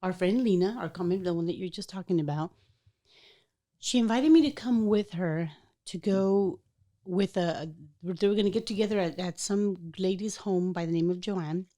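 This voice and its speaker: A woman hosting a podcast, chatting casually and telling a personal story in an animated way, acting out the voices of people in it. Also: on the low side, moderate pace. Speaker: podcast host.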